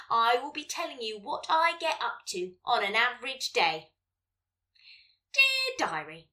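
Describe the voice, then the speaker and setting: A woman reading as a playful two-year-old family dog, chatting like a diary with excited barks. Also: high voice, recorded from a distance, heavily acted.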